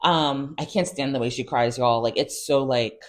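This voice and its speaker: A woman's voice: extremely low pitch, moderate pace. A woman hosting a casual reality TV recap, chatty and sassy with exasperated asides.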